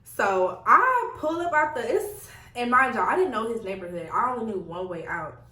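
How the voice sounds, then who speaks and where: A young woman tells a story to her viewers in a casual vlog. She talks in an animated way, laughs a lot and keeps calling out to her viewers. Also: on the high side, normal speed, echoey room, far from the mic, low-quality recording. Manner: animated, laughing often, addresses viewers as y'all. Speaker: vlogger.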